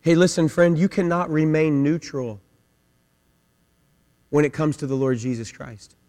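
A man preaching an emphatic sermon with heavy repetition, his voice rising to shouts. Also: on the high side, steady tone, measured pace. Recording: long hall reverb.

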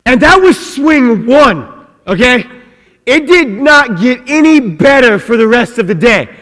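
A middle-aged man, a pastor, telling a personal story in an animated sermon in church. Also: very high-pitched, a little slow. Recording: long hall reverb.

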